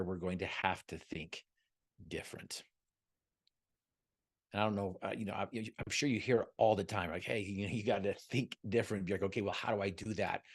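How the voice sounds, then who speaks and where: A man's voice: fairly low pitch, slightly rough. Upbeat joking man speaking on a video call. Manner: joking, storytelling, earnest and upbeat. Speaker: motivational speaker, guest. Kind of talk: motivational talk on a video call.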